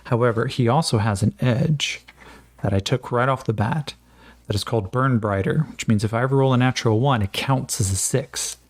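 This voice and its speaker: A man's voice: medium pitch, normal speed, no echo. A man narrating a solo tabletop game, thinking aloud with frequent fillers and joking at his own attempts at accents.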